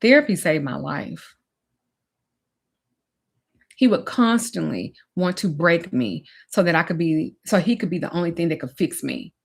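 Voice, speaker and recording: A woman's voice: lowish voice, lively intonation, a little slow, gravelly, husky. A middle-aged woman, a spiritual teacher and life coach, telling her own story in a candid, emotional and blunt way, swearing now and then and speaking straight to her listeners.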